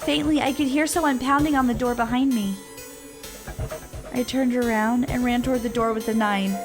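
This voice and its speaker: A man reading game narration aloud as a young woman, in a steady storybook manner. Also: extremely high pitch, moderate pace, music in the background.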